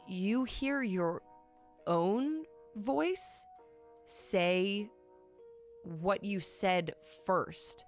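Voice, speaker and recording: A woman narrating as game master of a tabletop role-playing game, with measured pacing and frequent ums. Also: lowish voice.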